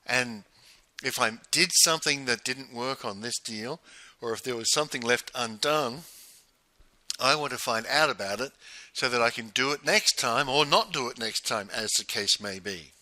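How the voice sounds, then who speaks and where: A male coach talks straight to the listener in a bright, forceful tone. He leans on repetition and rhetorical questions. The sound is dry and close, with no room around it. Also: mid-range voice, moderate pace, no room sound. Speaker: business coach. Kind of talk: motivational monologue.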